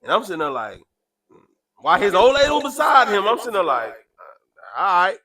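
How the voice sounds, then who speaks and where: A man chatting casually, telling a story with animated, loud acted-out quotes. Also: a little fast, no echo, studio quality. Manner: animated, acts out quotes with sudden loud jumps in pitch. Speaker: podcast host.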